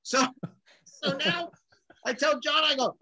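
Bright-voiced man telling a story. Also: very high-pitched, slow pace, no room sound, low-quality recording. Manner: animated, acts out quotes in lively voices. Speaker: guest drummer. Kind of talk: casual storytelling.

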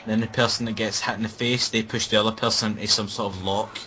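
A man's voice: fairly low pitch, flat delivery, quick pace, sharp tone, a little hiss or hum, low-quality recording. A Scottish man chatting casually and sarcastically while playing a game. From Scotland. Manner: joking, sarcastic banter. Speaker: gaming commentator. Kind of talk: casual gameplay chat.

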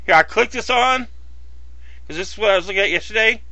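A man vlogging casually, rambling and bursting into loud mock shouts. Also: high voice, quick pace, no echo, dull audio. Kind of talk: casual vlog commentary.

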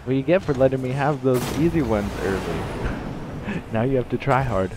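A man giving excitable gameplay commentary, shouting reactions and trading playful trash talk. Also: mid-range voice, moderate pace, music in the background. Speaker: gaming channel host.

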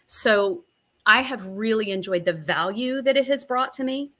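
A woman's voice: fairly high pitch, normal speed, pushed and bright. A middle-aged woman, a nurse, telling stories as an interview guest in a chatty, long-winded, self-deprecating way. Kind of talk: casual interview storytelling.

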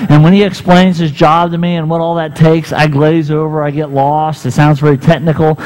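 A man's voice: fairly high pitch, flat delivery, a little fast, darkish tone, poor audio. A male pastor preaching a sermon, telling a story and acting out the characters' lines.

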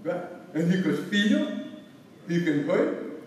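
A man's voice: sits high, very animated, takes it slowly, slight background noise. Pastor, male, preacherly repeating cadence; long hall reverb, distant mic. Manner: preacherly, repetitive cadence, rising and falling. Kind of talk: Bible study teaching. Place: church hall. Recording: echoey hall, from far off.

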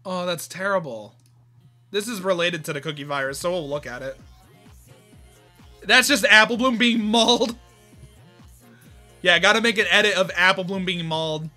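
A man's voice: sits high, normal speed, long pauses, sharp tone, faint music behind. A man reading a fan story aloud and reacting with shocked exclamations and asides.

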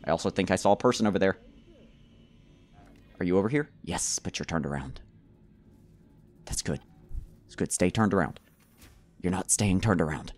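A man giving let's play commentary on a horror game, rambling to himself with stammered restarts and sudden loud excited outbursts. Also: low voice, normal speed, pauses often. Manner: rambling nervous self-talk, repeated stammered restarts. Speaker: gamer playing a horror game.

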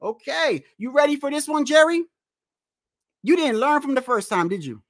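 A man's voice: very high-pitched, moderate pace, dry recording, studio quality. Heated, cursing man ranting on a livestream. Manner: animated, repetitive, trash-talking with frequent profanity. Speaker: boxing livestream host.

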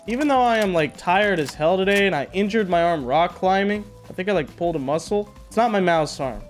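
A man's voice: high-pitched, animated, a little fast, soft background music. A young man giving casual gameplay commentary, laid-back and joking, with a self-mocking tone. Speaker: gaming video host.

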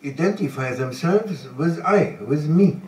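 A man giving a religious talk as spiritual teacher, halting and repeating phrases as he searches for words. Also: fairly high pitch, expressive. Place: guesthouse room. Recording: roomy sound, mic at a distance, faint noise.

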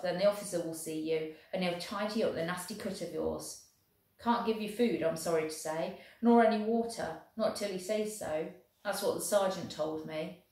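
A woman voicing a gentle, devoted young male soldier who talks soothingly to a horse. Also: fairly low pitch, close to an everyday voice. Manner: soft, soothing talk to a horse. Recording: very echoey room.

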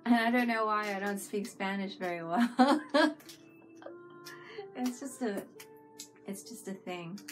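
Woman, casual live-stream host, laughs a lot, mid-pitched, music bed behind. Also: slow, pauses often. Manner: chatty, giggly, talks to viewers in chat.

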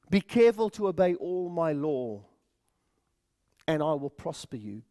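A man's voice: high voice, lively intonation, measured pace, a little mellow. A man preaching a sermon in a church, earnest, repeating words and addressing the congregation as friends. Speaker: pastor.

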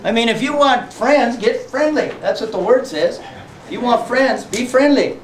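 High-voiced folksy man preaching. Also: lively intonation, moderate pace. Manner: folksy, joking, laughs often. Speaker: pastor. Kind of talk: sermon. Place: church sanctuary. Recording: echoey church sanctuary, mic from far off.

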